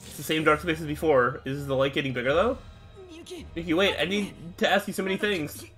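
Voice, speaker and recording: A man's voice: fairly high pitch, fairly even intonation, fairly quick, a bit bright, faint music behind. A man streaming a game, reading all the characters' lines aloud himself and breaking off to react. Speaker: gameplay streamer. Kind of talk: reading game dialogue aloud while playing.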